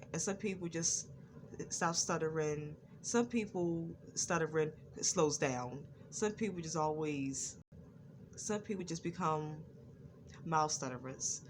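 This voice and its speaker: A woman vlogger talking slowly and carefully in a casual personal monologue, with a stutter and a lot of repetition. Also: low voice, background noise.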